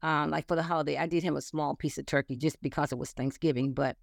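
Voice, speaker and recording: A woman in her sixties talking in an earnest, animated way and laughing now and then as a guest in a casual chat. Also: low-pitched, fast, creaky, dry recording. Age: 60s. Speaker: interview guest.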